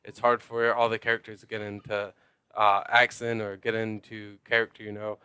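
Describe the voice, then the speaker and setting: A man's voice: on the low side, little pitch movement, moderate pace, bright, forceful tone, smooth, no room sound, studio quality. A man at home talking casually to camera about playing role-playing games, rambling with lots of fillers. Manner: rambling, loose, filler-heavy. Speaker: tabletop role-playing gamer.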